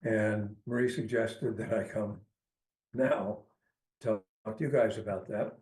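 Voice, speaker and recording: A man speaking up at a town meeting from a remote link, his voice sitting a bit low. He talks haltingly, full of fillers and restarts. The audio is quiet and echoey. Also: steady tone. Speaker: resident giving public comment. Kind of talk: remote public comment. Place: joined remotely by video call.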